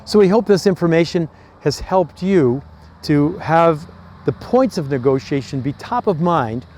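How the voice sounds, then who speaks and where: Older man, East Coast American accent, folksy advice host, voice sits a bit high. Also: expressive, measured pace, a little mellow. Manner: folksy, earnest storytelling with restarts. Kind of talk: casual advice talk.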